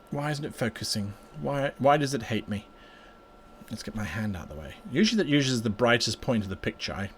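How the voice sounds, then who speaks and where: Painting miniatures on his live stream, this man responds to viewer questions on game mastering in an expressive, mid-range voice at a fairly quick pace. The chat is relaxed and meandering, full of restarts and repeated words.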